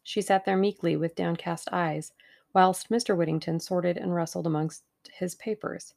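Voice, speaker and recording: This audiobook narrator, a woman, reads from a novel at a measured storytelling pace. Her voice is lowish and gravelly yet a little mellow, with fairly even intonation.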